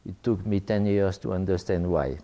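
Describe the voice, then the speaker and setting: This older man from France lectures academically in English with a deep voice and dark tone. Frequent fillers and restarts make his delivery halting.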